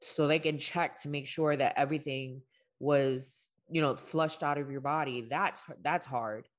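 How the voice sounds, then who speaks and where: A young woman co-hosting a candid talk, speaking emotionally and haltingly with many fillers. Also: sits low, fairly even intonation. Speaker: podcast co-host. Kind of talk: candid personal conversation.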